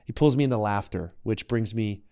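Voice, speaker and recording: A man's voice: lowish voice, a little fast, mellow, clear, resonant tone, no room sound, studio quality. A young adult man, a wellness coach and content creator, talking reflectively as a podcast guest and acting out quoted voices. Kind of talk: casual podcast conversation.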